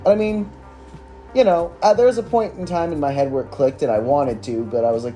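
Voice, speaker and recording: A man's voice: fairly high pitch, steady tone, a little fast, warm tone, soft background music. A young man hosting a podcast, telling a school story in a casual, sarcastic, profane way with lots of filler words. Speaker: podcast host.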